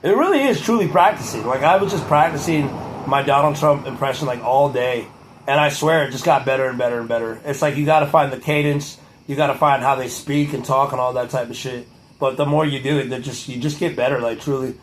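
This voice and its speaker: A man's voice: mid-range voice, a little fast, slight background noise, rough recording. A man vlogging in a loose, reflective way, full of "like" and "truly". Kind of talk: casual chat to camera.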